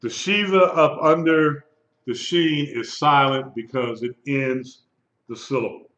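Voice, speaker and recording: A man teaching a live Hebrew lesson, speaking slowly and patiently and repeating words for his students. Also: mid-range voice, a bit bright. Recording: lo-fi echoey room recording.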